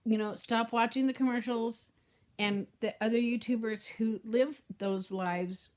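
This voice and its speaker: High-voiced rambling middle-aged woman vlogger. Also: steady tone, unhurried, darkish tone. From Southern California. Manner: rambling, heartfelt, trails off and restarts. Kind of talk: casual talk to camera.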